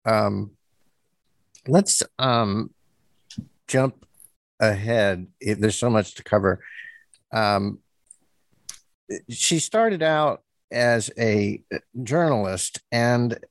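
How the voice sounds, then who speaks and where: Man, interview host, gravelly voice, dry close sound, hesitant. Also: fairly low pitch, no echo. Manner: hesitant, stammers and restarts. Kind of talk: conversational interview.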